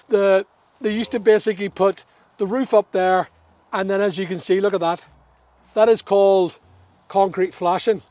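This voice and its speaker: A man's voice: high-pitched, no room sound. A man vlogging outdoors at a building site, chatty and explaining things as he goes, with teasing asides. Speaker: vlogger renovating a property. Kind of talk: casual walk-around vlog.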